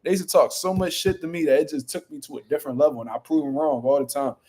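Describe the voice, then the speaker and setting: A man's voice: a little high, quick pace, darkish tone, husky. A young man hosting a boxing channel, chatting casually on a livestream in a boastful, profane, rambling way.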